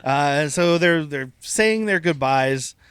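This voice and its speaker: A man, a podcast co-host, recapping a movie in casual chat, jokey and quick to laugh. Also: on the high side, lively intonation, a bit bright, clear, resonant tone. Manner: jokey, laughs often, slips into silly voices.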